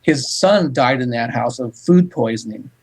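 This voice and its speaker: A man talking as a psychic medium guest, recounting events in animated storytelling and quoting back-and-forth dialogue. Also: mid-range voice, moderate pace, rough recording. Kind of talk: storytelling in a radio interview.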